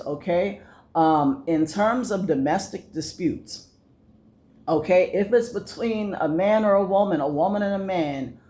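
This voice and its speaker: A man's voice: sits high, a little mellow. A young man ranting casually to camera, swearing often and rambling with many fillers and restarts. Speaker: vlogger.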